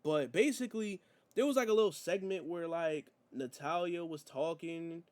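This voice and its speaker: A man's voice: a little high, normal speed. A man reviewing a wrestling show in a slangy, rambling, casual chat. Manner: slangy, rambling, animated storytelling.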